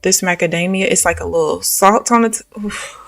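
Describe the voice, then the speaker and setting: A woman's voice: on the low side, brisk, vocal fry, a bit bright, no echo, far from the mic. Exasperated, swearing young woman storyteller. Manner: chatty, exasperated, swears freely, slangy. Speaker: live trading streamer. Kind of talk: casual storytelling while trading live.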